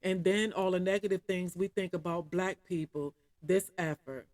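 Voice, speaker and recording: A woman's voice: fairly low pitch, steady tone, moderate pace, a little mellow, dry recording, clean studio sound. A woman commentating on camera, reading out an article and breaking off often to talk to her viewers. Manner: keeps calling the audience y'all. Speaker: video commentator reading a news article aloud. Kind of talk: casual reaction commentary.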